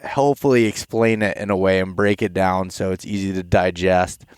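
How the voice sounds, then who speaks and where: A young man hosting a podcast, chatting casually in a relaxed, rambling way, tired and a bit stuffed up after a long day outdoors. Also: low-pitched, moderate pace, clear, resonant tone, no echo, studio quality. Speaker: podcast host. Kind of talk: casual chat.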